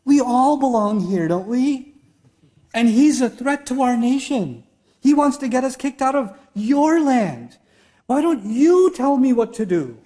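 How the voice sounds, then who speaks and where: A man's voice: very high voice, lively intonation, unhurried, mellow, pitched above the performer's own voice. A man voicing a scheming ancient king who coaxes his generals in a falsely humble way. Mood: coaxing.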